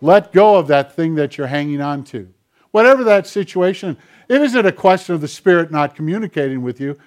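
A man's voice: fairly high pitch, animated, fairly quick. Man preaching a conversational sermon. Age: older. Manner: conversational preaching, acting out quoted dialogue. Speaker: pastor.

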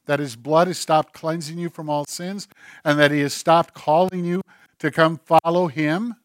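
A man preaching a sermon, dropping to a hush and then rising to emphatic points, voicing God's words to his listeners. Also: on the high side, fairly even intonation, moderate pace, dry recording. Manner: swings between hushed and emphatic, acts out God's voice. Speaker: pastor.

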